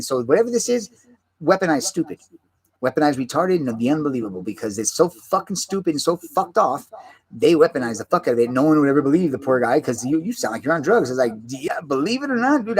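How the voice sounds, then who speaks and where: A man delivering a rambling, agitated monologue, swearing constantly and repeating himself. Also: medium pitch. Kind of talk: rambling profane rant.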